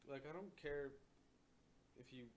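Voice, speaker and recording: A man's voice: fairly high pitch, measured pace, a little hiss or hum. A man hosting a podcast in casual chat, telling rambling, profane stories and often laughing at his own jokes. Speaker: podcast host.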